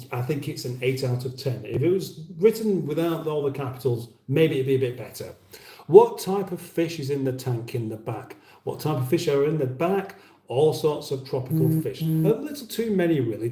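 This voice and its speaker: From his home kitchen, a British man in his fifties from England hosts a casual livestream, reading viewer comments amid rambling, wry banter and frequent restarts. He speaks British English in a fairly high, warm voice that sounds reverberant.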